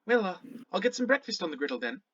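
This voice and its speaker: A woman's voice: medium pitch, very animated, quick pace, fairly bright tone, husky, lo-fi sound, voice pushed up. A man voicing Shannara, a genteel, fussy fey innkeeper woman who speaks prim and polite, a little flustered.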